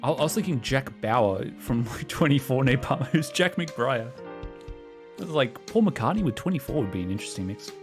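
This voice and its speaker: A man's voice: medium pitch, sing-song, normal speed. A young man casually commenting while streaming a visual novel, chatty and joking. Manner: jokey, chatty, laughing often. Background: music.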